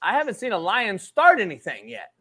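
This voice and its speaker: A man's voice: sits high, huge pitch swings, brisk, pushed and bright, slightly rough. A man hosting a sports talk show, ranting profanely and calling people homie. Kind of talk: heated sports debate.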